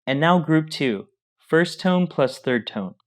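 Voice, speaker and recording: A man's voice: a little high, expressive, takes it slowly. Man co-hosting a language lesson. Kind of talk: explaining lesson steps.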